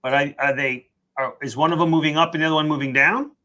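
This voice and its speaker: Man, live stream co-host, bright tense tone, opinionated, rambling. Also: fairly high pitch, steady tone, fast. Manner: opinionated, rambling explanations with fillers. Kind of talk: casual live chat.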